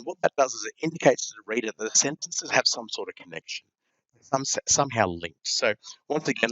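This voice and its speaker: A man's voice: fairly low pitch, sharp tone, no room sound, highs cut off. A man teaching a grammar lesson, explaining punctuation with many ums and repeated words.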